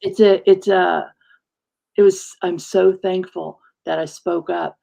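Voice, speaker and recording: Here a woman with a low, heavily gravelly and creaky voice chats warmly and haltingly, often pausing to find her words. Her intonation stays fairly even. It's a casual, heartfelt talk, like a minister sharing something personal on a talk show.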